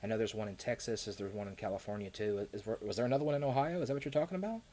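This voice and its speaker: A man's voice: fairly low pitch, rapid-fire, mellow. Chatty Kentucky man on a live stream. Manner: rambling, chatty, laughs often, fillers. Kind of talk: casual live chat answering viewers.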